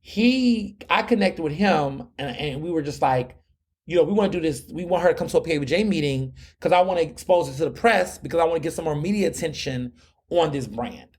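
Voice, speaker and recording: Casting note: young adult male podcast host, slightly higher voice, loose conversational storytelling with restarts and slang. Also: expressive, a little fast, a little mellow, slightly rough. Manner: chatty, repeats words and restarts often, slangy. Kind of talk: casual storytelling monologue.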